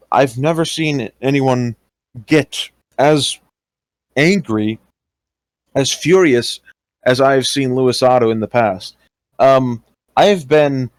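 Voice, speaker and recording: A young man talks in a casual, halting way, often pausing on fillers and restarting sentences. His voice sits at an ordinary middle pitch. The sound is close and dry, with no room echo. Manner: hesitant, many fillers and restarts. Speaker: interviewee recounting experiences. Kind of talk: casual voice-call talk.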